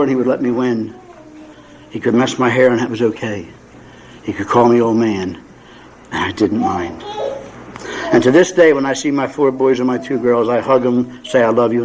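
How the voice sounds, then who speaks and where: A man's voice: mid-range voice, slight background noise, low-quality recording. An older man sharing a personal story at a recovery meeting, folksy and emotional, acting out the dialogue. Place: meeting room with audience.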